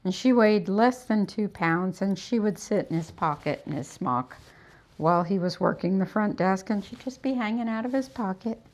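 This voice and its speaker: A woman's voice: mid-range voice, expressive, normal speed, a little mellow. A middle-aged woman, a dog groomer, chatting on a livestream as she works, soothing the dog and telling stories. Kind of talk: casual livestream chat while working. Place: grooming salon.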